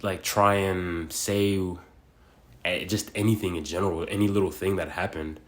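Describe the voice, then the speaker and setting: A man's voice: sits low, fairly even intonation, normal speed, roomy sound. A young man in his twenties talking in a casual, rambling monologue, full of slang and fillers. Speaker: vlogger.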